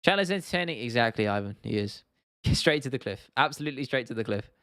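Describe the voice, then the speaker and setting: A man's voice: medium pitch, lively intonation, fast, fairly bright tone, clear, resonant tone, no echo, studio quality. A young man from England hosting a casual livestream, reading out chat comments and rambling with frequent restarts and laughs. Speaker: livestream host.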